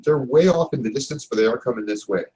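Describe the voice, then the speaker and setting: A man narrating a tabletop game as game master, telling the scene in a relaxed, casual way. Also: medium pitch, quick pace, poor audio. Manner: relaxed storytelling with casual fillers.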